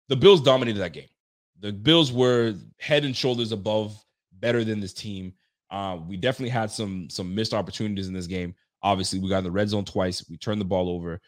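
A man doing casual reaction commentary as a sports fan, excitable and ranting, laughing often. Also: fairly low pitch.

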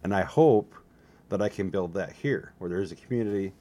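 A man talking alone to his webcam in a rambling, self-mocking way, with a slightly hoarse voice. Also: sits low, animated, fairly quick, warm tone. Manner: self-mocking, jokey, drifts between topics. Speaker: solo vlogger. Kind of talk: rambling casual monologue to camera. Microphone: desk setup facing a webcam.

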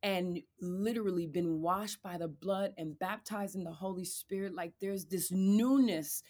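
A woman, a podcast guest giving candid, lively testimony about her faith and marriage, acting out the voices of the people in her story. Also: medium pitch. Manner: animated storyteller, acts out quoted voices; addresses listeners as "y'all".

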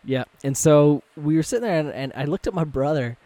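A man's voice: a little high, lively intonation, brisk, warm tone. Casual swearing young man telling stories. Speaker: podcast co-host. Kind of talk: casual chat.

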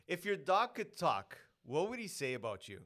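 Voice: medium pitch, sing-song, moderate pace, a bit bright. A co-host asking podcast questions, giving brief, laid-back replies. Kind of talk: casual podcast Q&A chat.

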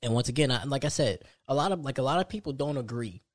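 With lively intonation and a fast delivery, a young man speaks in a medium-pitched voice on his solo podcast. The studio sound is clean with no room sound, and he keeps things casual, often beginning sentences again.

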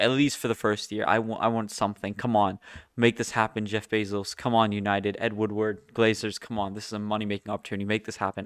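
A man hosting his own football podcast, gushing with excitement, tripping over his words and rambling in his room. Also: lowish voice, smooth, no room sound, clean studio sound. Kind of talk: excited solo fan chat.

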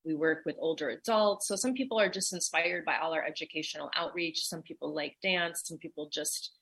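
Bright-voiced woman, eager radio guest. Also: sits low, a little fast, breathy edge. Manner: enthusiastic and playful. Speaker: dance company director, guest. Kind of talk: casual radio interview.

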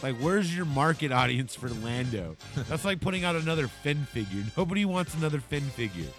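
Crude joking podcast host. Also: male voice, a little high, lively intonation, brisk, a bit bright, soft background music. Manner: crude, joking, swears a lot. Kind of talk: casual chat.

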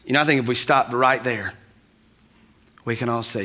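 A man's voice: medium pitch, normal speed, pauses often, pushed and bright. A man preaching a sermon, talking conversationally and addressing the congregation directly. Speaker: pastor.

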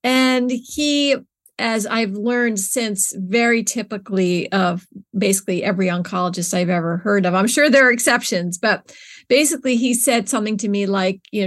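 A woman's voice: mid-range voice, moderate pace. Earnest middle-aged woman telling her story. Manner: earnest, searching, frequent restarts and fillers. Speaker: interview guest, nonprofit co-founder. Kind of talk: conversational interview.

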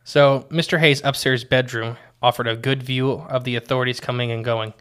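A man's voice: mid-range voice, fairly even intonation, brisk, fairly bright tone, smooth. Man reading notes on a chat podcast. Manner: reads quotes aloud, restarts often. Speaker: podcast co-host.

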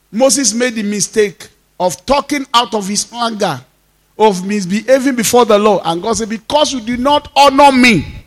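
A male pastor with a Nigerian accent preaching a sermon, reading scripture slowly and breaking into emphatic, rising declarations. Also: high voice. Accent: Nigerian, Yoruba-speaking. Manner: mixes in Yoruba phrases.

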